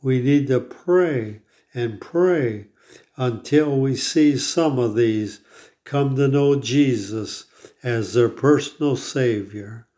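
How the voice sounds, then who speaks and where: Male preacher telling a story, slow, solemn, mellow voice. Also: mid-range voice. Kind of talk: sermon storytelling.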